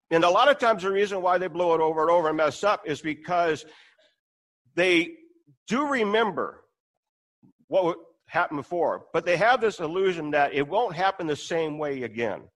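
A male pastor delivers a sermon in a fairly high voice. He speaks earnestly and emphatically, returning again and again to his central question. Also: fairly bright tone. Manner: earnest, repeats key question, emphatic swings.

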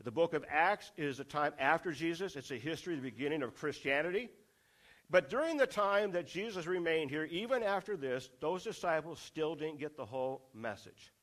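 Male preacher, higher voice, sermon delivery, rhetorical questions, repeats lines for emphasis. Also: animated, moderate pace, fairly bright tone.

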